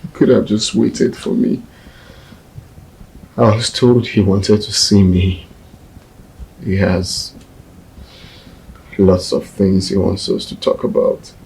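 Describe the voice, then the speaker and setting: A man playing a grief-stricken young man, gravelly. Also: steady tone, slow pace, long pauses, mellow, slight background noise, exaggerated voice, low-quality recording. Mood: grieving. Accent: Nigerian. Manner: subdued, broken and low. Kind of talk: Nollywood film acting.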